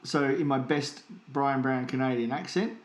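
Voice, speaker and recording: A man co-hosting a podcast, quick-witted and teasing, throwing in jokes. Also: medium pitch, roomy sound. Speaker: podcast co-host. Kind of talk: casual comedic chat.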